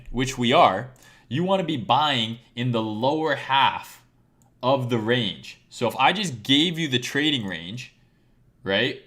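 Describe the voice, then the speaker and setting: A man's voice: medium pitch, a bit bright. Male trading streamer, casual and profane, teaches by quizzing his live audience. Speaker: trading educator. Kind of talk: live-streamed chart lesson.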